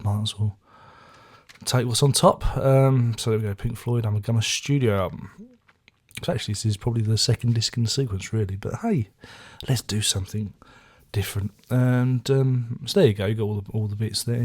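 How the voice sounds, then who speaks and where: A man's voice: on the low side, fairly even intonation, normal speed, darkish tone. A man casually reviewing his record collection, rambling with dry self-mocking jokes. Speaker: album reviewer. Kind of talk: casual chat.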